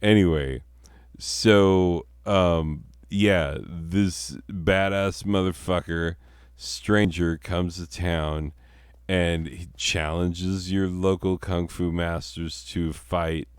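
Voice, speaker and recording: A man's voice: low-pitched, steady tone, extremely slow, clean tone, dry recording, clean studio sound. A young man who is stoned and tells a rambling, profane story full of fillers while he plays a video game at his computer. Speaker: comedy storyteller and gamer.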